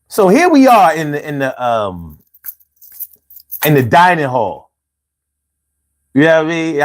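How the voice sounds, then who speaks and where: Guy vlogging a story from his past, slangy n cussing a lot, regular mid voice. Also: medium pitch. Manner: profane, animated, slangy, self-mocking. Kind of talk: casual storytelling monologue.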